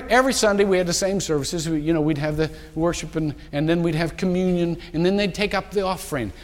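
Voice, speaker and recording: A man preaches from the pulpit, spinning a story and acting out the people in it with animated energy. His voice sits high for a man. The sound rings with the long reverb of a large church sanctuary. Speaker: pastor. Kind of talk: sermon storytelling.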